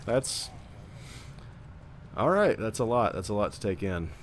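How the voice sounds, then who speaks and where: Low-voiced man rambling on a game stream. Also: sing-song, slight background noise. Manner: rambling, profane, drawn-out talk. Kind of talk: casual chat while gaming.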